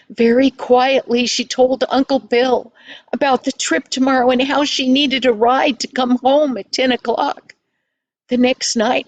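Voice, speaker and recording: Slow, folksy older woman storyteller. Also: a little high. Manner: homely, gentle, folksy. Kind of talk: children's story narration.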